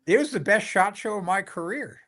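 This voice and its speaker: A man's voice: high voice, lively intonation, a little fast, fairly bright tone. A man who founded a company, a guest on a podcast, talking enthusiastically and laughing often. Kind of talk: casual interview chat.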